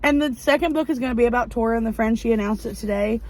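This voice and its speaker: A woman, chatting excitedly and rambling with many fillers as she recaps a romance novel. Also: fairly high pitch, quick pace, rough recording. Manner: gushing, rambling, lots of fillers. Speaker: book vlogger. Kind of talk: casual book review chat. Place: outdoors near a parking lot.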